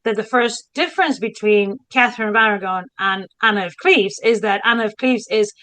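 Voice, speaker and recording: Animated woman, dry sound. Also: medium pitch, brisk, dry recording, poor audio. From Spain. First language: Spanish. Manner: dramatic, theatrical, animated. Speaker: historian co-host. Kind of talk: casual podcast conversation.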